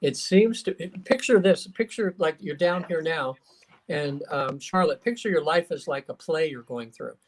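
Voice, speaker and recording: Chatty man telling animated stories. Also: a little high, moderate pace, a little hiss or hum. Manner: animated storyteller, acts out quotes, many fillers. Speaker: hypnotherapist guest. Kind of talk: casual storytelling interview.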